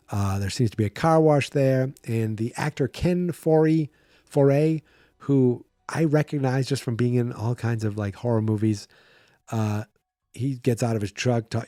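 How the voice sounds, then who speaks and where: Male podcast host, mellow tone, dry close mic, chatty animated film recap. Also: medium pitch, no room sound. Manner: chatty, animated retelling with quick acted-out voices. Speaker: horror movie podcast host.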